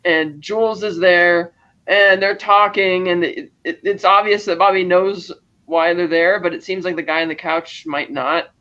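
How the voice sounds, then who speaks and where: A man with a notably high voice retelling movie scenes on a podcast, chuckling as he quotes the characters' lines. His audio comes through dull and lo-fi, as though from a weaker mic. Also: fairly even intonation, measured pace, sharp tone. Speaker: podcast co-host. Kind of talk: casual film-recap chat.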